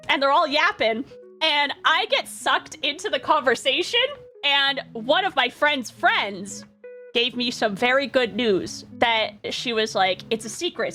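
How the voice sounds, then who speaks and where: A young woman streamer telling stories in a casual, excitable way, laughing often and acting out what people said. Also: high voice. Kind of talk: casual storytelling.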